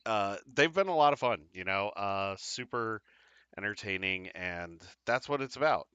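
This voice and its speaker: Upbeat rambling man, bright and dry. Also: on the low side, expressive, unhurried, long pauses, clean tone, no room sound, muffled recording. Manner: rambling, upbeat, lots of fillers and apologies. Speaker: podcast host. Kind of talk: casual live-stream chat.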